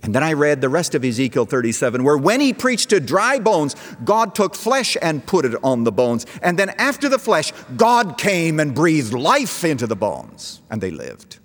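A middle-aged man preaches a sermon, moving from easy storytelling to emphatic calls. His pitch swings widely as he builds. A long echo from a large hall trails each line. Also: huge pitch swings, normal speed, few pauses. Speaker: pastor.

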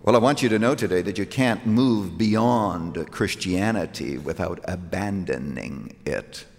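A man's voice: sits low, a little slow. A man preaching a sermon, emphatic and rhetorical, putting questions to his listeners and quoting scripture in old-fashioned wording. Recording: long hall reverb from a large room.

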